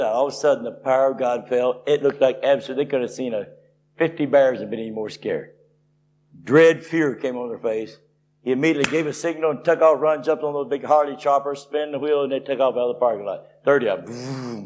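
A man's voice: medium pitch, fairly quick, a little mellow, a little hiss or hum. A man from Tennessee, preaching and telling a personal story in a folksy, rising way. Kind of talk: sermon testimony.

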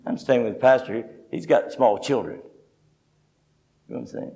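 A man's voice: medium pitch, moderate pace, vocal fry, a little mellow, low-quality recording. An older man preaching a sermon, telling his own story in a folksy, humorous way. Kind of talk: sermon teaching with personal testimony.

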